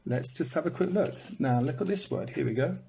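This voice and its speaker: A man's voice: a little high, expressive, fairly quick, vocal fry, warm tone, slight background noise. A man teaching in a live online lesson, repeating words to show their stress and breaking into bits of song, recorded on a phone. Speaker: English teacher.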